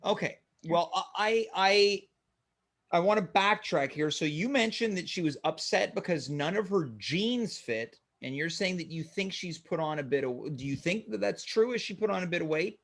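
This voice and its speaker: High-voiced deadpan male host. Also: normal speed. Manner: dry, mock-serious questioning. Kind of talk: deadpan comedic interview.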